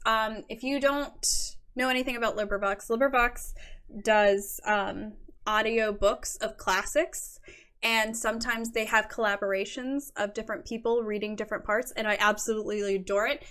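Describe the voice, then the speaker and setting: Young woman streamer, kinda high voice, gushy and effusive, chatting w chat. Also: a bit bright. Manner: gushing, effusive, reads chat aloud. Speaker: livestream host. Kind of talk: casual livestream chat with viewers.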